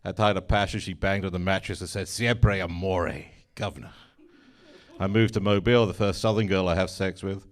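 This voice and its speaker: A man's voice: deep voice, flat delivery, fast talker, few pauses. A man in his forties with an English accent, doing stand-up with dry, mock-indignant punchlines. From England. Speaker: stand-up comedian. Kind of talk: stand-up comedy.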